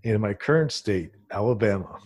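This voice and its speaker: Husky-voiced interviewer with lively pitch. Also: moderate pace. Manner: prompts with short cues, laughs along. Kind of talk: casual interview chat.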